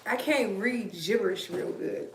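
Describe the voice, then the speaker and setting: A woman's voice: medium pitch, unhurried, vocal fry, recorded from a distance, a little hiss or hum. A woman hosting a tarot live stream in casual chat, greeting viewers and laughing often. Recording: roomy echo over loud music.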